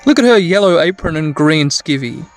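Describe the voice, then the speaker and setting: Wry, lively-voiced man narrating a game. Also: on the high side, moderate pace, faint music behind. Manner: rambling, wry asides. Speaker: let's play narrator. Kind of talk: soft bedtime game narration.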